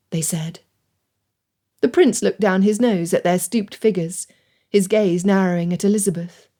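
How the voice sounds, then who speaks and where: Female audiobook narrator, expressive and dramatic, mid-range voice. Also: mid-range voice, measured pace. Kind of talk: scripted narration.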